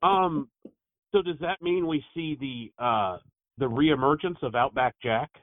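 A man's voice: mid-range voice, a little slow, no echo. A man co-hosting a podcast in easygoing, joking casual chat. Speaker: podcast co-host. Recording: tinny phone-like line, dry.

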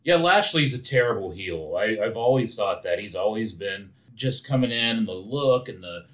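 Lively opinionated man co-hosting a podcast. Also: on the low side, moderate pace. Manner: animated and opinionated, often restarts sentences. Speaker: podcast co-host. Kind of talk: casual chat.

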